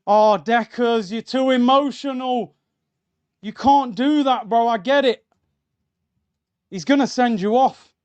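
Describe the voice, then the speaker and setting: Speaking very high-pitched and slowly, with long pauses, a young man hosts a live football watchalong through a streaming mic. He gets heated as he reacts, calling the audience lads and bro.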